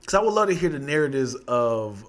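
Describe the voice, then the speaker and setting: A man co-hosting a podcast in casual chat, easygoing, agreeing quickly and laughing often. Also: mid-range voice, sing-song. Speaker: podcast co-host.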